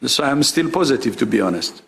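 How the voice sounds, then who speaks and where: A man giving a measured, reassuring public address, played as a clip. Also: medium pitch, very animated, creaky. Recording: clip with background noise.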